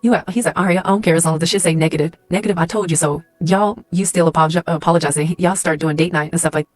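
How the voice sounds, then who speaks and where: A woman's voice: fairly low pitch, steady tone, no room sound. A woman telling a casual storytime in second person, profane, acting out the quoted lines. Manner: fast, profane, acts out quoted dialogue. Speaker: storyteller in a clip.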